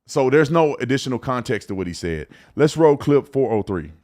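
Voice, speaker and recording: A man's voice: mid-range voice, sing-song, a little fast, darkish tone. A man hosting a commentary show, talking bluntly and repeating words as he reacts to clips. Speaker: show host.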